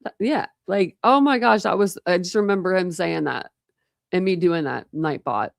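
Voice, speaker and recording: A woman's voice: on the low side, expressive, normal speed, gravelly, dry recording, studio quality. A woman hosting a true crime channel, chatting casually and rambling to her live chat.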